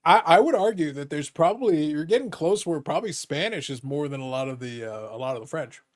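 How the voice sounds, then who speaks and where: A man from Canada hosting a casual live show, talking with lots of swing in his voice and a slightly raised pitch. He jokes constantly and drops into mock-outraged bits. The chat stays loose and conversational. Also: fairly quick. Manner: animated, jokey, mock-outraged asides. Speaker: podcast host.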